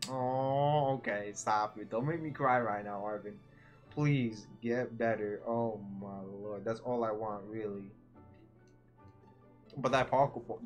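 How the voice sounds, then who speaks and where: A man giving casual, joking commentary while playing a video game, chatting slangily to the characters on screen. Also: medium pitch. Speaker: gaming video creator. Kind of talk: casual let's-play commentary.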